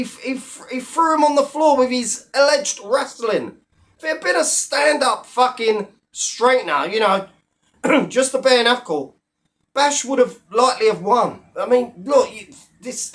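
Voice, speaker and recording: A man's voice: very high voice, fairly bright tone. A man ranting to camera as an online commentator, blunt, sweary and mocking. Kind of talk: profane rant to camera.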